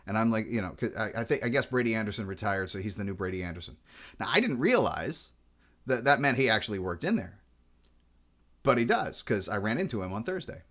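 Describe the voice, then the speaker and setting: This Washington State guitar vlogger talks guitars in a rambling, casual way, full of fillers and restarts, in a Pacific Northwest accent. His voice sits fairly low with a fairly bright tone, and he sounds very animated and brisk.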